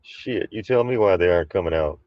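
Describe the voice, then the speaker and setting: A man's voice: low-pitched, a little fast, no echo, muffled recording. A man hosting a casual talk show, commenting loosely and swearing offhand. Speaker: show host.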